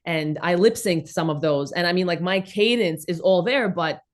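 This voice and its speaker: A woman in her thirties with a New York accent, originally from the former Soviet Union, chatting as an interview guest in an animated, emphatic, blunt way. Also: lowish voice, normal speed. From former Soviet Union, raised in New York City. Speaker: guest, comedian and content creator. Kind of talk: casual interview chat.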